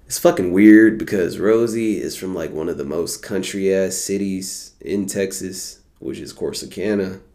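A young man from the United States talks through a loose podcast monologue in a low, gravelly voice. He is relaxed and profane, and he jokes as he rambles along. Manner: laid-back, profane, joking. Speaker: podcast host.

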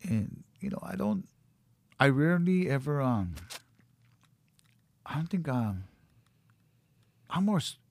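A man's voice: on the high side, very animated, slow, creaky, long pauses. A middle-aged man in casual chat, blunt and profane, rambling through stories. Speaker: podcast guest, cutman.

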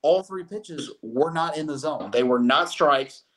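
Rambling sports-talk man, slightly high voice. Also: lively intonation, unhurried, a bit bright. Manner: rambling, many restarts and fillers. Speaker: sports podcast co-host.

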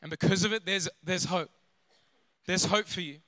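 A man preaching a sermon in an animated way, sometimes acting out voices from the story. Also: sits high, normal speed, no room sound. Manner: animated, acts out scenes in character voices.

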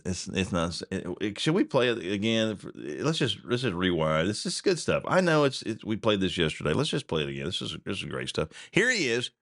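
A man's voice: lowish voice, fairly bright tone, no echo, studio quality. A man hosting a casual solo news commentary show, rambling, repeating himself and chuckling along. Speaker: podcast host.

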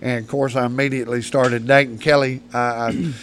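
A man's voice: medium pitch, little pitch movement, a little fast, a little hiss or hum. A man, a podcast guest, telling long, profane stories in a rambling, casual way. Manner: rambling, profane, laughs through his tales. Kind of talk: casual storytelling.

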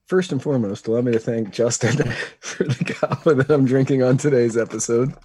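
A man's voice: medium pitch, brisk, darkish tone, husky. A man co-hosting a podcast in casual comedic chat, easygoing and laughing often. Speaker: podcast co-host.

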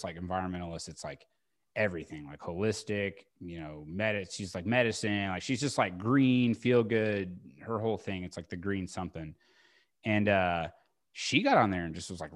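A man's voice: deep voice, expressive, fairly quick, no echo, clean studio sound. A man hosting a podcast, chatting casually in a rambling way, full of "like" fillers. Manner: rambling, heavy use of "like". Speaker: podcast host. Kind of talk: casual conversational chat.

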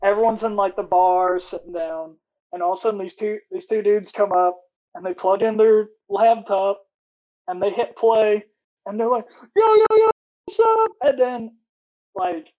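A podcast host chatting casually, laid-back and quick to laugh. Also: medium pitch, fairly even intonation, mellow, dull audio. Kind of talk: casual chat.

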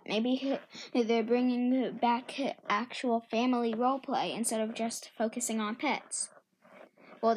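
A woman's voice: a little high, slight background noise, low-quality recording. A woman hosting a casual podcast, rambling along with many fillers and restarts. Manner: partly whispered, ASMR-style. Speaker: podcast host.

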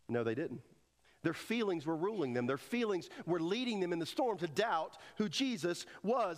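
A male pastor delivers a sermon in a high-pitched voice. He keeps pressing his listeners with rhetorical questions and builds to emphatic peaks. The sound carries a long, hall-like reverb.

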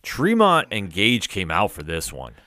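A man co-hosting a wrestling recap speaks with a lively, swinging pitch, adding quick hyped agreement. He is recorded close and dry. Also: dry recording. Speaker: podcast co-host. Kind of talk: casual wrestling recap chat.

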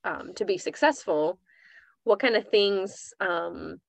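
A woman co-hosting a podcast as a wellness coach, relaxed and asking questions in casual chat. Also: mid-range voice, slow, vocal fry, dry recording. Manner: relaxed, asks questions, short agreeing replies.

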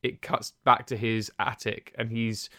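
A man chats casually as a podcast co-host, rambling and enthusiastic. His pitch sits at the middle of the usual range. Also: little pitch movement, a little slow, pushed and bright, dry recording, clean studio sound. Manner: rambling, enthusiastic, many restarts and fillers. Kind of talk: casual chat.

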